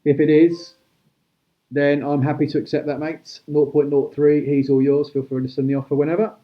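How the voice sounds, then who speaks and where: Brisk man calling out an auction. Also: on the high side, level tone, muffled recording. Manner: brisk, chatty auctioneer calling prices and thanking bidders. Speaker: host auctioning cards. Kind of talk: live-stream auction patter.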